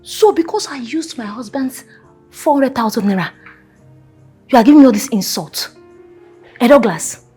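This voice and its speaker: Defiant Nigerian wife, husky voice, higher pitch, lively swings, mocking and dramatic, soft music behind. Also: female voice, moderate pace, pauses often. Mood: indignant. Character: defiant sharp-tongued young wife. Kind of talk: film drama acting.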